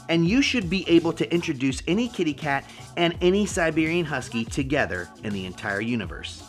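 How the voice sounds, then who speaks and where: A man's voice: on the high side, fairly bright tone. A man hosting a casual instructional pet vlog, playful and slangy in manner. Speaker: dog trainer vlogger.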